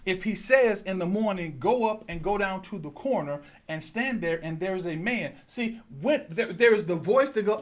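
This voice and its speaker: A man's voice: high voice, normal speed, hardly any pauses. A man preaching a sermon, speaking straight to his congregation and moving a handheld microphone as he goes. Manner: lively preaching, direct address to congregation. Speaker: pastor.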